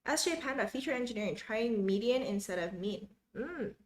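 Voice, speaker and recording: A woman's voice: fairly high pitch, expressive, brisk. A young woman hosting a live study stream at home, reading viewer comments aloud and greeting people by name in a chatty, upbeat way.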